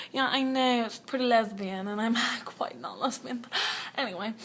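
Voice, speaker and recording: A woman's voice: fairly high pitch, moderate pace, fairly bright tone. Giggly teen girl with a lisp. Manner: giggly, rambling, self-mocking. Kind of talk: casual vlog. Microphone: phone.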